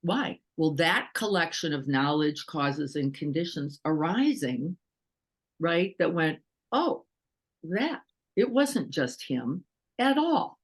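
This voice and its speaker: A woman's voice: low-pitched, takes it slowly. A woman meditation teacher giving a casual dharma talk, full of rhetorical questions and acted-out quotes. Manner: animated, asks rhetorical questions, acts out quotes.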